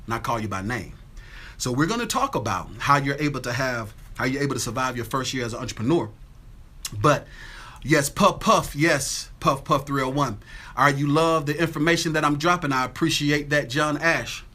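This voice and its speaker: This Atlanta, Georgia man runs a laid-back livestream on his phone at home with the windows open, calling out viewers by name and leaning on his catchphrases. He sounds expressive, pushed and bright at a medium pitch, speaking a little fast.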